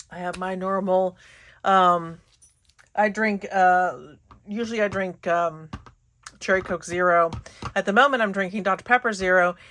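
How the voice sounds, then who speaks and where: A woman's voice: lowish voice, fairly bright tone. A woman hosting her craft channel, chatting casually and giggling through a paper haul with lots of fillers. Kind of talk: casual haul video chat.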